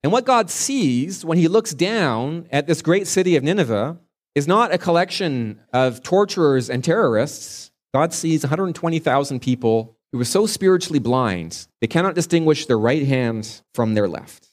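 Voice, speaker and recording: A man's voice: a little high, lively intonation, normal speed. A man preaching a sermon as a pastor, retelling a scripture story earnestly and stretching key words for emphasis.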